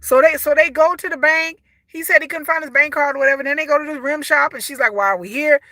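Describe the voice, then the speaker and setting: Woman w aave, high bright voice, blunt n exasperated, dry close sound. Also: fairly even intonation, fast, dry recording. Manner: blunt, exasperated, swears freely. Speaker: reality TV reviewer. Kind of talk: casual commentary.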